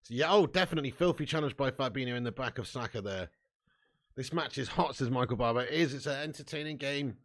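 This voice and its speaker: A man's voice: medium pitch, fast talker. A young man hosting a live football watch-along stream, commentating with swearing and banter while reading out chat messages. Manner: sweary, banter-heavy, swings from glum muttering to shouting and laughing.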